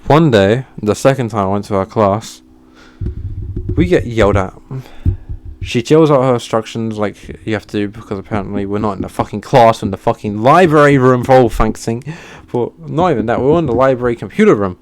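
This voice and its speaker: A man telling a heated storytime rant, swearing often and flaring into shouted outbursts before sighing and calming down. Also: mid-range voice, moderate pace. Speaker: channel host. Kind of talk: ranting storytime monologue.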